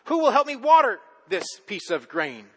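A man's voice: extremely high pitch, very animated, moderate pace, pushed and bright, husky, long reverb tail, pitched above the performer's own voice, exaggerated voice. A man voicing a small, hardworking hen from a children's storybook, asking the other animals for help in a sing-song read-aloud way.

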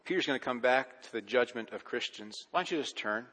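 A male pastor preaching a sermon with rising intensity and dramatic pauses. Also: mid-range voice, expressive, sharp tone. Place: church sanctuary. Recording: long reverb of a church hall.

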